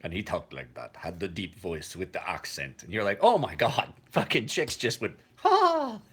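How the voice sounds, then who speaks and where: A man's voice: sits low, lively intonation, normal speed, fairly bright tone, slightly rough. A man in his forties, a knife maker, chatting casually on a livestream in a rambling, profane way. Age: 40s. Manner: rambling and profane, with frequent restarts.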